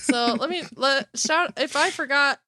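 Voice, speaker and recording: A young woman, co-hosting a podcast in casual chat, giggly and animated as she tells stories. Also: sits high, normal speed, dry recording, clean studio sound. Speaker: podcast co-host.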